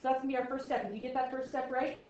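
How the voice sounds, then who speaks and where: A woman's voice: high voice, flat delivery, very fast, darkish tone, a little hiss or hum. A woman teaching a math class in a classroom, playful and jokey, with exaggerated asides. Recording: echoey classroom, dull lo-fi sound.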